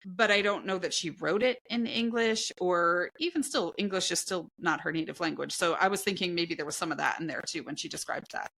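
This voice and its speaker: Frank woman co-host with a bright voice. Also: on the low side, a little fast, vocal fry, hardly any pauses. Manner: frank, blunt, swears casually. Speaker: podcast co-host. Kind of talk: casual book club chat.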